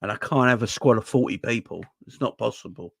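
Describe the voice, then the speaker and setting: A man's voice: mid-range voice, a little fast, gravelly, breathy edge, dry recording, clean studio sound. A young man with a London accent chatting casually on his fan channel, speaking emphatically and repeating points, with rhetorical questions to his viewers. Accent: Southern English (London). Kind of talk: casual livestream chat.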